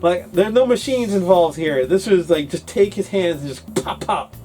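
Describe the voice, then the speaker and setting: Guy telling a funny story, higher voice, all over the place pitch-wise, faint music behind. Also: normal speed. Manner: animated, acts out his younger self with laughs. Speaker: co-host of an English-learning talk show. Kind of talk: casual storytelling chat.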